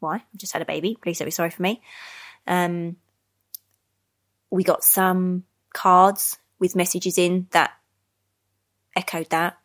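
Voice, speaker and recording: A mother talking calmly in a measured way about having a new baby. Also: fairly low pitch. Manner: calm, measured, many ums. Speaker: interviewee, mother. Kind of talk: casual chat.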